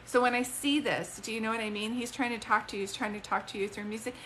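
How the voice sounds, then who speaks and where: Fairly high and fairly bright, her voice stays fairly even in intonation while she talks fast, with a little hiss or hum in the audio. As a live-streaming psychic medium on her phone, she rambles with feeling, drops sentences halfway, and turns between an invisible spirit and a viewer.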